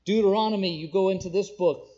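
A man preaching a sermon, reading scripture slowly and rising loud and high on key phrases before dropping low and quiet again. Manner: slows down to read scripture in older-style wording. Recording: dull, lo-fi sound.

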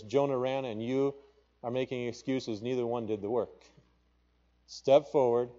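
A pastor with a Papua New Guinean accent and a dark, mid-range voice delivers a sermon, reading King James scripture aloud with mounting emphasis. The sound quality is lo-fi.

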